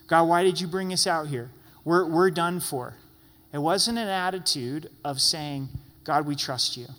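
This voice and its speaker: Man, pastor, lively sermon, somewhat high pitch, echoing hall. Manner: lively preaching with playful acted-out grumbling. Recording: long hall reverb.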